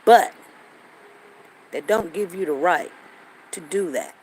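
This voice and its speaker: A woman's voice: on the low side, expressive, slow, darkish tone, breathy edge, rough recording. A woman, hosting a show and telling a story to her viewers in a casual way, often repeating herself and acting out what others said. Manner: conversational, repeats herself, acts out quoted lines. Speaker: show host.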